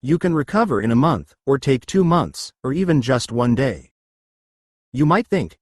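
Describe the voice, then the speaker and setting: A man's voice: medium pitch, very animated, moderate pace, darkish tone, no room sound, studio quality. A man teaching an exercise lesson, explaining and often checking whether listeners follow. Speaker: exercise instructor.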